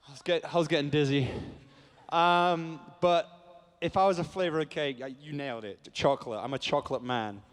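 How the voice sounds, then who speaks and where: Animated, joking Englishman on a panel. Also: on the high side, moderate pace, big-room sound. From England. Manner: animated storyteller, jokey, acts out quotes. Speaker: panel guest. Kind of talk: casual convention panel Q&A.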